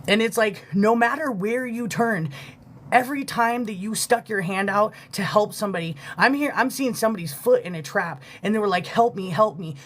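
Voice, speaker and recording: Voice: medium pitch, fairly bright tone. A live-stream spiritual reader speaking casually and from the heart, swearing freely, leaning on fillers, and stopping to thank viewers. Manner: thanks viewers for gifts mid-reading.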